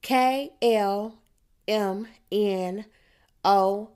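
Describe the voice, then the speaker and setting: A woman voicing a loud, bossy female classmate who drills the alphabet in a high, drawn-out voice. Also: lively intonation.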